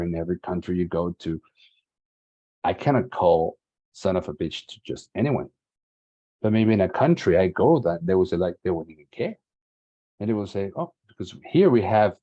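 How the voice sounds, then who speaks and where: A man's voice: low voice, vocal fry, mellow, slightly rough, dry recording. A man giving an earnest motivational talk, repeating phrases and guiding listeners through exercises, heard through dull lo-fi online session audio. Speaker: guest speaker on healing and masculinity.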